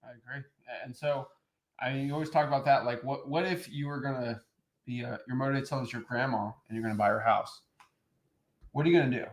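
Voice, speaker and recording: A man's voice: mid-range voice, fairly even intonation, quick pace. A man co-hosting a real estate training, talking in a loose, casual way with lots of fillers and restarts. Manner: loose and chatty, heavy on "like" and restarts, mimics stiff salesy voices. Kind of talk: casual coaching chat.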